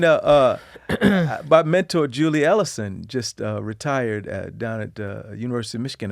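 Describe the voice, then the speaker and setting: A man, a guest on an interview podcast, telling candid personal stories in a lively, expressive way. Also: gravelly, no echo, clean studio sound. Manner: animated storyteller, lively swings in pitch and volume.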